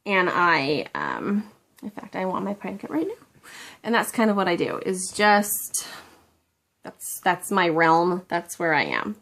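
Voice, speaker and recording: A woman's voice: lowish voice, sing-song, unhurried, vocal fry, fairly bright tone. A middle-aged woman chatting casually to the camera at home, rambling and a little self-deprecating. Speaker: beauty vlogger.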